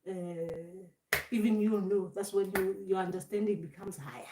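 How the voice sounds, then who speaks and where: Her mid-range voice comes at a moderate pace from far off the mic, with a noisy background and an echoey room around her. A woman spiritual teacher, she rambles through an informal talk, frequently repeating and restarting words and acting out voices.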